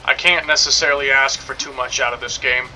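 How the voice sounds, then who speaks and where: A man's voice: medium pitch, fairly even intonation, fairly quick, pushed and bright, faint music behind, poor audio. A young man streaming a game, rambling and joking in casual commentary, swearing now and then.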